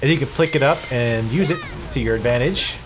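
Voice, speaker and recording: A man's voice: mid-range voice, brisk. A man casually commentating his gameplay, joking and sarcastic and swearing freely. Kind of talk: casual let's-play commentary.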